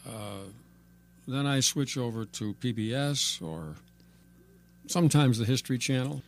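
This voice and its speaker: A man's voice: mid-range voice, lively intonation, a little slow, vocal fry. A man hosting a radio talk show, chatting casually with a guest and asking wry questions. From Ireland. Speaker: radio host.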